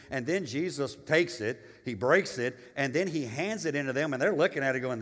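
A male pastor preaching a sermon, animated and emphatic, with humorous asides and storytelling. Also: medium pitch, brisk, few pauses, long reverb tail.

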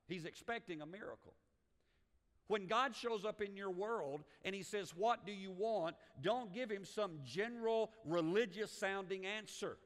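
A male pastor preaching to his congregation, often restarting phrases and acting out the voices in his stories. His voice sits a little on the high side. A long reverb from the hall trails after his words. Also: animated, moderate pace, a bit bright. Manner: preaching with acted-out quotes, repeated restarts. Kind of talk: sermon.

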